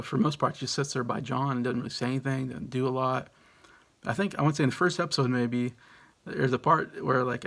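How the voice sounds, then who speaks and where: Guy in his late 30s doing a top ten vlog, kinda gravelly, rambly, chuckles a lot. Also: mid-range voice, a bit bright. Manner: rambling, chuckling, full of fillers and restarts. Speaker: video host. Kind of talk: casual countdown commentary.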